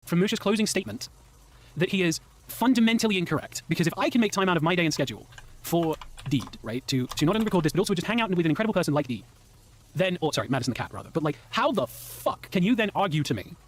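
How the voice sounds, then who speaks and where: English guy, furious rapid-fire rant, swings all over in pitch. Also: animated, a little hiss or hum. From England. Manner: heated, indignant ranting with swearing. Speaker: commentary guest. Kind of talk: ranting commentary.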